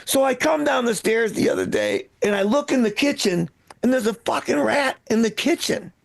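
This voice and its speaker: A middle-aged stand-up comedian rambles and swears through his set, often cutting himself off and starting lines over. His voice is high for a man, gravelly, with lively intonation at a moderate pace. He's on his own microphone during a live comedy stream that has echo.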